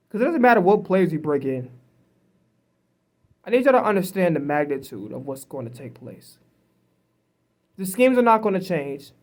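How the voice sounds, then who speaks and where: A man's voice: fairly high pitch, darkish tone. A man ranting in a sports vlog he recorded himself on camera. He is upset and frustrated, swears a lot, and stumbles into repeated restarts when heated. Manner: angry, profane, emphatic ranting. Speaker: sports commentator vlogger. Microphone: self-recorded camera.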